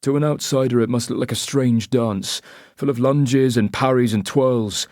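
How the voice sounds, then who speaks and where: A man narrating a thriller audiobook in first person, measured and tense with short clipped phrases. His voice sits at an ordinary pitch, and the reading is close and dry with no room sound. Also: fairly even intonation, darkish tone, no echo.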